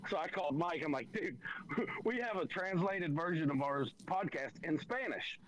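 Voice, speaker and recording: High, bright-voiced man. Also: moderate pace, a little hiss or hum, rough recording. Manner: animated, storytelling with laughs. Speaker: podcast co-host. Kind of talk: casual storytelling chat.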